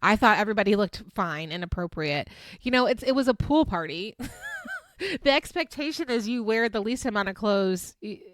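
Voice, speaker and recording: A woman's voice: medium pitch, expressive, normal speed. Frank, giggly woman recapping TV. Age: past her twenties. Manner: frank and profane, laughs often, lots of fillers. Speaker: podcast host recapping a reality show. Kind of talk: casual chatty recap.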